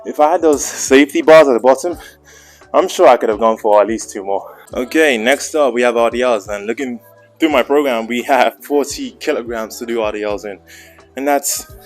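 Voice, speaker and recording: Breathless gym vlogger, joking. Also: male voice, medium pitch, normal speed, soft background music. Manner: joking, chatty coaching asides. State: out of breath between sets. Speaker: fitness vlogger. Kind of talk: casual vlog commentary. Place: indoor private gym.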